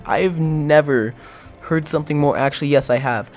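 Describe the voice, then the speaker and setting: A young man delivers a ranting, sarcastic reaction commentary, exasperated and swearing freely. His voice sits a little high for a man. Faint music plays underneath. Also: normal speed, darkish tone.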